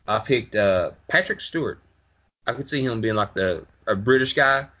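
A man talking casually as a podcast co-host, halting with many fillers and repeated words. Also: on the low side, animated, pushed and bright. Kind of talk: casual chat.

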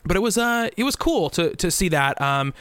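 A man's voice: sits high, lively intonation, moderate pace, a bit bright, smooth, dry recording. A man co-hosting a gaming podcast, chatting casually and rambling with frequent fillers and restarts. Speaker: podcast co-host. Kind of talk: casual chat.

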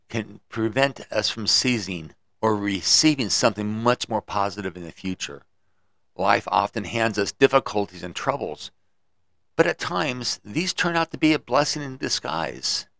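A man's voice: lowish voice, fairly bright tone, no echo. A man hosting a podcast, telling a story and reflecting on it in an earnest way, with occasional restarts. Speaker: podcast host.

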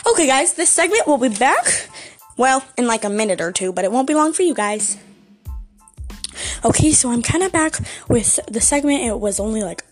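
Excitable high-voiced young woman vlogging. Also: normal speed, soft background music. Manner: giggly, excitable, teasing, trails into whispers. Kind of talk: casual vlog chatter.

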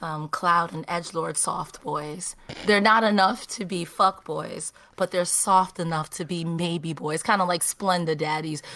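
A woman's voice: lowish voice, bright, forceful tone. A woman guest on a livestream chat, joking animatedly and laughing a lot. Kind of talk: casual chat.

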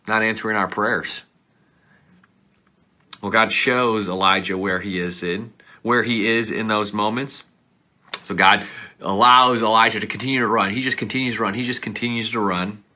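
Male pastor giving a sermon, lowish voice, bright and forceful, drops to whispers sometimes. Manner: earnest, dramatic shifts between loud pleading and soft whispers.

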